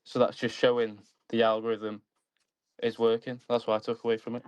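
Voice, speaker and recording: A man's voice: mid-range voice, monotone, fairly quick, smooth, dry recording. A man in an online audio chat, eager and matter-of-fact. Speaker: caller. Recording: dull muffled call audio.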